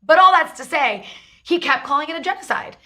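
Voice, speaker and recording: A woman's voice: high-pitched, lively intonation, a little fast, sharp tone. A woman hosting a political talk show, delivering emphatic commentary in long run-on stretches. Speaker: show host.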